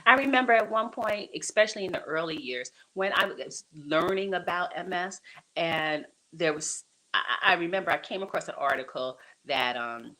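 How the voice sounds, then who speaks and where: A woman talking as a guest on a talk show, telling personal stories in an animated way, laughing often and restarting her sentences. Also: medium pitch, poor audio. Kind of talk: conversational interview storytelling.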